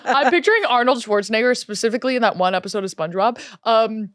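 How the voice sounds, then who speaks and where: A woman's voice: fairly high pitch, animated, fast talker, dry recording, studio quality. A young woman co-hosting a comedy podcast, chatting playfully and giggling between celebrity impressions. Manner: giggly, playful, breaks into put-on voices. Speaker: podcast co-host. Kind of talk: casual chat with celebrity impressions.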